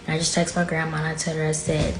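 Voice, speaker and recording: In an echoey podcast studio with faint music and background noise, a woman guest rattles off a painful personal story in a low, monotone voice. She's casual and blunt, leans heavily on "like," and is emotional enough to nearly cry at points.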